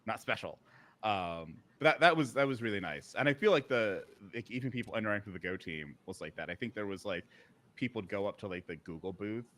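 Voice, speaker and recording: A man's voice: on the low side, lively intonation, a little fast, a bit bright. Rambling man telling a story on a podcast. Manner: rambling storyteller with many fillers and restarts. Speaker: podcast co-host. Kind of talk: casual panel chat. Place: live podcast recording at a conference.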